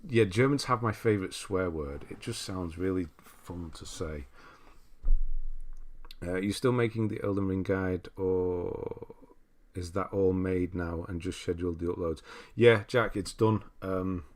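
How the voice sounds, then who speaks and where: Low-voiced English man chatting on stream. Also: measured pace, a little mellow. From England. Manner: chatty, easygoing, laughs often, frequent restarts. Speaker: livestream host. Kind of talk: casual livestream chat, reading viewer comments aloud.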